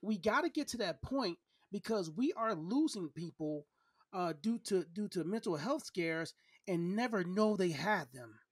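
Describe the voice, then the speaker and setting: A man's voice: high-pitched, animated, a little slow, slightly rough, dry recording. Earnest man, dry close sound. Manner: earnest, open, repeats words while searching for thoughts. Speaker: podcast host. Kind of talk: casual podcast conversation.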